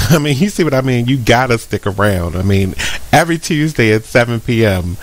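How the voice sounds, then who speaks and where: A man's voice: mid-range voice, lively intonation, moderate pace. A man hosting a radio talk show, ranting animatedly and laughing often. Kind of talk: casual radio chat.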